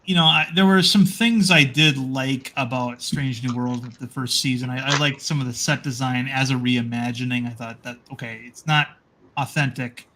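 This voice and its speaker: A man's voice: mid-range voice, fairly even intonation, moderate pace, sharp tone, slight background noise. A man chatting casually as co-host, rambling with frequent restarts and fillers. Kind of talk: casual chat.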